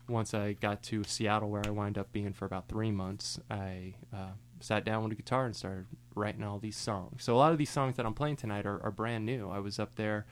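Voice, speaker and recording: A man's voice: fairly low pitch, slight background noise. A young man playing music live on the radio, chatting loosely and joking between songs and often laughing. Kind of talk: casual on-air chat between songs.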